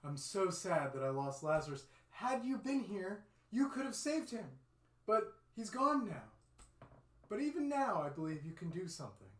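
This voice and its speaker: Children's storybook: a tearful pleading woman, voiced high by a man, roomy echo. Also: sing-song, normal speed, fairly bright tone. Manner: pleading, raised pitch. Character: grieving woman pleading with Jesus.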